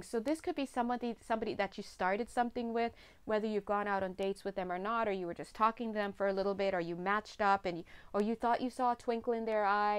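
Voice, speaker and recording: A woman's voice: mid-range voice, clean tone. A woman giving a chatty, casual tarot reading, laughing often. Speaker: tarot reader.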